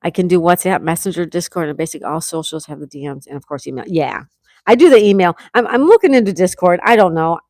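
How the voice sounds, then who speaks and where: A middle-aged woman hosting a casual livestream, reading viewers' comments aloud and chatting back warmly. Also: fairly low pitch, expressive, fast, dry recording, clean studio sound. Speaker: livestream host reading chat. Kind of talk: casual live chat.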